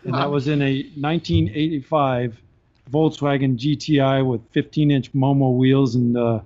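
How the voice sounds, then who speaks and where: A man telling long stories on a podcast in a casual, animated way, often laughing as he talks. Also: mid-range voice, normal speed. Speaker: podcast guest. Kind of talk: casual storytelling. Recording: dull lo-fi podcast audio.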